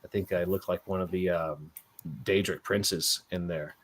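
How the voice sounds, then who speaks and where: A man's voice: sits low, fairly even intonation, a little slow. A man in his thirties, a wrestler guest chatting casually and laughing often through rambling stories. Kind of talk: casual chat.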